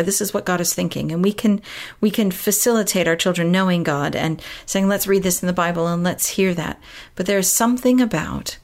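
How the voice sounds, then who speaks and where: A woman hosting a parenting podcast, telling a personal story in an earnest, reflective way and laughing now and then. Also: fairly low pitch. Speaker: podcast host.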